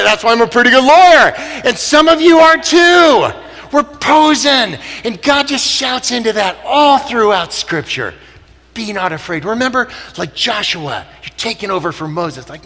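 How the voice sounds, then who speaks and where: A middle-aged man giving an animated, joking talk to a church crowd, moving from hushed lines to loud punchlines. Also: extremely high pitch, normal speed. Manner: animated, jokey, swings from quiet to loud. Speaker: speaker. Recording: long reverb of a large hall.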